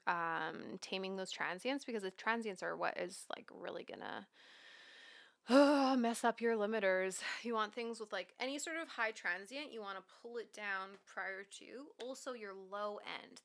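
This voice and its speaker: A woman's voice: mid-range voice, creaky, smooth, no echo, studio quality. A young woman, a mixing engineer from Canada, gives casual, chatty feedback on a listener's track, full of "like" fillers and asides to herself. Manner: chatty, many "like" fillers, talks to herself while working. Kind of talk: live mix critique, casual instruction. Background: track playing in the session.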